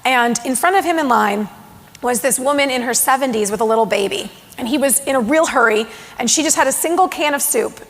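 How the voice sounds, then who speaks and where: A woman giving a conference keynote on mindfulness to a live audience in a large hall, telling stories with lively acted-out quotes. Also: on the high side. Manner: animated storytelling with acted quotes. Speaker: mindfulness speaker. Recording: long hall reverb.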